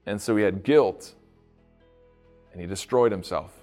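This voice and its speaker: A middle-aged man as pastor, delivering a sermon with emphatic, rising delivery and dramatic pauses. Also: lowish voice, a little mellow, soft background music.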